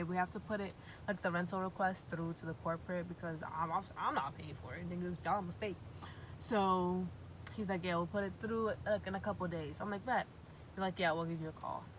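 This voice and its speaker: A young woman from Massachusetts telling a storytime vlog with animated, profane, exasperated storytelling. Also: lowish voice, a little hiss or hum, low-quality recording. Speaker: vlogger.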